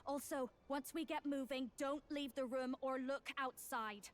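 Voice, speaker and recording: A blunt young warrior woman from a fantasy game, giving firm orders in a high, clear voice. She sounds commanding and impatient. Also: steady tone, measured pace.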